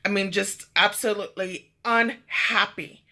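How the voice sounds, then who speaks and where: Bright-voiced woman ranting in a vlog. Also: mid-range voice, a little slow. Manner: animated storytelling, acts out quotes; swears freely. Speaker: vlogger.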